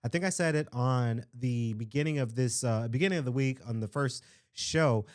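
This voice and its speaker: A man hosting his own podcast, talking loosely and with hype-man energy, his throat a little strained from shouting. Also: medium pitch, normal speed. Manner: rambling, loose and conversational. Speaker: podcast host. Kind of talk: casual solo podcast talk.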